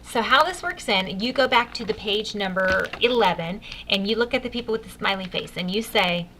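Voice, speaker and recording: A woman's voice: medium pitch, expressive, brisk, hardly any pauses, a bit bright, a little hiss or hum. A woman leading a sales training session for new consultants, upbeat and coaching, speaking straight to her listeners. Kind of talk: enthusiastic sales training talk.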